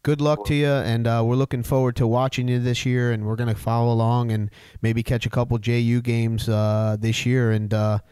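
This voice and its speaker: A man's voice: mid-range voice, little pitch movement, normal speed, hardly any pauses, a little mellow, clean tone, dry recording, clean studio sound. A man hosting a casual radio talk show, easygoing and full of fillers like "uh" and "you know.". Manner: easygoing, filler-heavy, encouraging.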